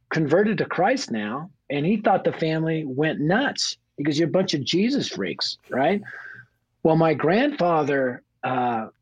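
A man from Denver, a guest evangelist and author, telling his life story in a radio interview with blunt, animated energy. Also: a little high, slightly rough, dry recording, poor audio. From Denver, United States.

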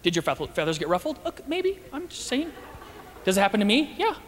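Man, Christian speaker, high voice, rapid delivery, joking and animated, acts out quotes, long hall reverb. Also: a little hiss or hum. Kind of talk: lively talk to an audience.

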